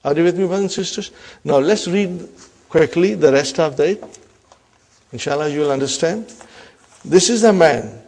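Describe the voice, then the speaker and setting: A man's voice: a little high, moderate pace, pauses often, a little mellow. A man teaching an Arabic grammar lesson, explaining step by step, repeating key terms and often asking the class if they follow. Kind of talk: classroom lecture.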